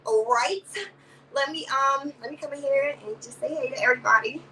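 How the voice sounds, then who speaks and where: A woman's voice: sits high, normal speed, bright, forceful tone, distant mic, slight background noise, low-quality recording. A woman hosting a casual live-stream commentary, rambling and profane, greeting chat viewers by name and padding her talk with "or whatever". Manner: greets chat viewers by name, calls them baby and sister. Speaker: livestream commentary host.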